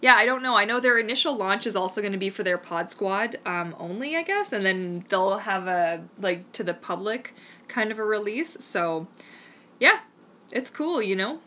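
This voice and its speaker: A woman's voice: medium pitch, lively intonation, moderate pace, sharp tone. A Canadian woman hosting a live-stream Q&A, chatting in a rambling, enthusiastic way. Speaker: mermaid vlogger hosting a live Q&A. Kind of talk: casual live-stream chat.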